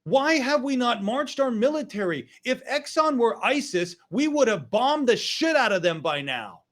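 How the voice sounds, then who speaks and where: Angry, high-voiced ranting male host. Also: sing-song, normal speed, fairly bright tone. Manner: angry, profane, emphatic outbursts. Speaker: online political show host. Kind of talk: political rant.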